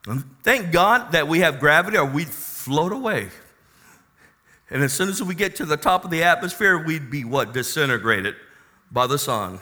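Bright-voiced, exuberant male preacher. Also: on the high side, expressive, moderate pace, in a large hall. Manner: exuberant, swinging from quiet storytelling to shouted exclamations. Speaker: pastor. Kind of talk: sermon.

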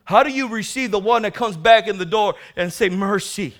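High, bright-voiced male preacher. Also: a little fast. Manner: swings from hushed to shouting, acts out Bible voices. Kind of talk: sermon.

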